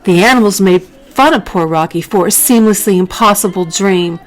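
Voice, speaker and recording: A woman's voice: mid-range voice, normal speed, rough recording. Woman reading her kids' book aloud, chatty, lots of little asides. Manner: chatty asides, laughs often. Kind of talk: children's book read-aloud.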